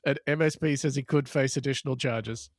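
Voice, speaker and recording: A man's voice: medium pitch, steady tone, a little fast, no echo. A man with an Australian accent co-hosting a comedy podcast, rambling and self-mocking, laughing often in casual banter on a close studio mic. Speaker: podcast co-host.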